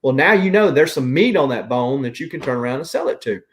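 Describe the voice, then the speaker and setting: A man's voice: mid-range voice, animated, fast talker. A man with a Southern US accent hosting a casual chat and ranting in an opinionated way. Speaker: host.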